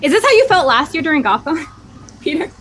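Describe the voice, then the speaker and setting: A woman's voice: high voice, sing-song, fairly quick, a bit bright, a little hiss or hum. A woman contestant on a comedy game show, teasing the others and laughing often. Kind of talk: casual banter.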